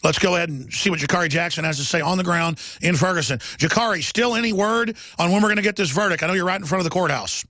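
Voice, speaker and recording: A man's voice: sits high, fast talker, hardly any pauses, bright, forceful tone, no echo. A middle-aged man hosting a political talk radio show, ranting emphatically and repeating himself for effect.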